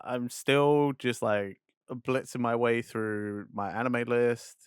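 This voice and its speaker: Laid-back podcast co-host, dry mic. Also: male voice, mid-range voice, fairly even intonation, slow pace, clear, resonant tone, dry recording. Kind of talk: casual chat.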